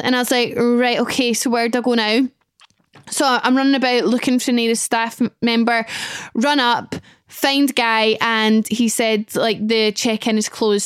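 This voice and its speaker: A woman's voice: on the high side, clean tone, dry recording, clean studio sound. A young Scottish woman hosting a podcast who tells a story with dramatic energy and acts out the dialogue. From Scotland. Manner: animated, dramatic retelling with acted-out dialogue. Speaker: podcast host. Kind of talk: casual storytelling.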